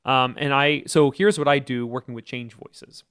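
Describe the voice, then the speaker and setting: A man's voice: mid-range voice, fairly even intonation, normal speed, a bit bright, smooth, no room sound, studio quality. A man, a choir teacher and podcast co-host, explaining vocal technique at length in casual chat with jargon and restarts.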